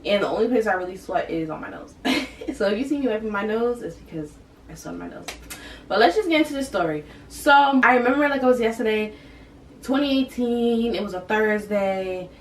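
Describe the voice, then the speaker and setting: Young woman doing a storytime vlog, kinda high voice, slangy and animated, sounds a bit far off in an echoey room. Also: a little fast. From Boston area. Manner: animated, slangy, addresses viewers as y'all. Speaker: vlogger. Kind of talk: casual storytime. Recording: roomy, from off the mic, faint hiss.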